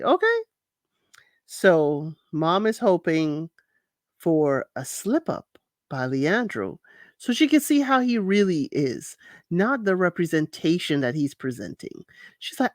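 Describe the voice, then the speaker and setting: A woman hosting a casual reality show recap, animated and laughing often, acting out quotes in high voices. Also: a little slow, dry recording, studio quality.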